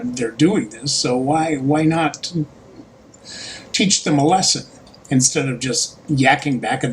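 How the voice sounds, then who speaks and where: A middle-aged man talks straight to the camera in a loose, unscripted monologue, his voice at an ordinary pitch for a man. He wanders through his points with lots of "uh" and false starts, then drops in dry jokes. A faint hum of background noise sits under his voice. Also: low-quality recording. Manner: rambling with many fillers and restarts, wry joking asides. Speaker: YouTube political commentary host. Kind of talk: casual solo monologue to camera.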